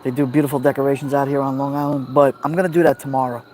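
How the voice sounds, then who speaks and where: A man with a New York accent hosting a relaxed livestream from a backyard fire pit at night, greeting viewers by name on a phone. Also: mid-range voice, racing, slight background noise. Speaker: livestream host. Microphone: phone held near the fire.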